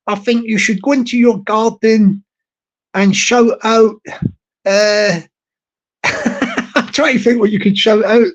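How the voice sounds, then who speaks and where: A man hosting a casual chat to his viewers, rambling, repeating words and hunting for the right ones, with frequent chuckles. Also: high voice. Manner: chuckles often, jokingly mimics shouted lines. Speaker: YouTube channel host. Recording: dull lo-fi audio.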